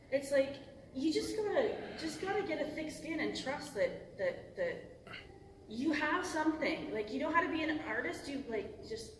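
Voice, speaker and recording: A middle-aged voice actress talking casually on a convention panel, rambling and breaking off mid-thought, swearing and laughing often. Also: female voice, high-pitched. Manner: rambling and self-interrupting, cusses, laughs often. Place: large convention hall. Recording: echoey hall from far off, noisy.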